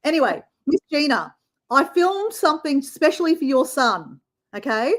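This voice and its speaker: An Australian woman hosting a casual live chat, talking in a chatty, animated way full of fillers while she paints. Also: high voice, normal speed. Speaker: live stream host.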